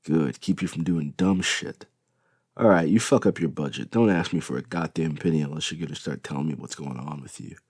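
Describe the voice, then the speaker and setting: A foul-mouthed, domineering middle-aged father in a spoken novel, as a male reader puts him on. He barks blunt orders in a low, husky voice. The recording is dry. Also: fairly quick, a little mellow, no echo. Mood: angry.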